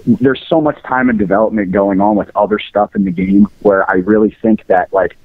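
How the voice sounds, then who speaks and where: Low-voiced male caller on a tinny phone line. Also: lively intonation, brisk, no room sound. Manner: laid-back, says "bro" and "man". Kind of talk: casual chat on a phone call.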